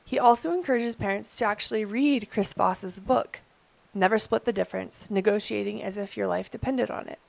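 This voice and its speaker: A woman hosting her own channel, explaining in a calm, earnest, measured way. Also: medium pitch, creaky, no room sound. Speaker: channel host. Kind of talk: explainer video talk.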